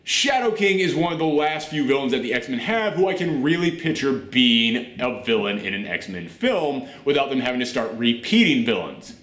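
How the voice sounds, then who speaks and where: A man reviewing a TV show on his channel, talking in an animated, rambling way and nearly shouting with enthusiasm. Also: mid-range voice, normal speed, few pauses. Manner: animated, near-shouting, gushing. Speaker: YouTube reviewer. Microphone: camera mic. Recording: roomy echo.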